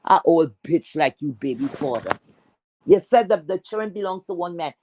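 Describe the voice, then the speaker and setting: A woman's voice: on the low side, animated, normal speed, a little hiss or hum. Cursing Caribbean woman ranting on stream. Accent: Caribbean English. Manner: loud, cursing, repeats phrases, swings between yelling and muttering. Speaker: livestream host. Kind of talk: heated livestream rant.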